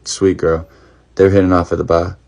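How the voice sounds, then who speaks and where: Low gravelly man with a Boston accent. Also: flat delivery, brisk, a little mellow. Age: 20s. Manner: chatty, acts out the voices in his story. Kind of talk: casual storytelling.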